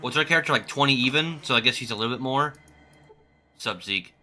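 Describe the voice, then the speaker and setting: A man's voice: mid-range voice, very fast, pushed and bright, a little hiss or hum. A young adult man streaming a game with casual commentary, loose, joking and profane. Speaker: gaming streamer.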